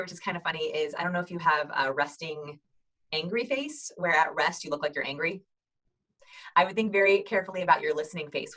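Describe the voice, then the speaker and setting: Woman, thirties, upbeat instructional host, energetic, quick delivery. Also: low-pitched, rough recording. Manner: energetic, demonstrates voices and greetings. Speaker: host giving video call tips.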